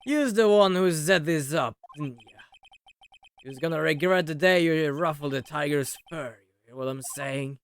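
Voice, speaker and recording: A man putting on a gruff Brooklyn loan-shark thug. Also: on the high side, moderate pace, close to an everyday voice. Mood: menacing. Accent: put-on Brooklyn. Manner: growling, threatening, rough street grammar. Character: gruff loan-shark male thug, hot-tempered, menacing.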